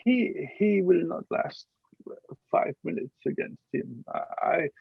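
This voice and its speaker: A man voicing a pompous, hesitant duke who speaks haltingly. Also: a little high, expressive, creaky, husky, dry recording, phone-quality sound, pitched above the performer's own voice, full character voice. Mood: haughty. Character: pompous foreign-accented duke, male, middle-aged.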